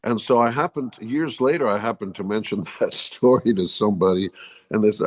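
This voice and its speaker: A man's voice: lowish voice, moderate pace. An older man in his seventies, a musician guest telling stories in a blunt, opinionated and profane way. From United States. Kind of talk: casual interview storytelling.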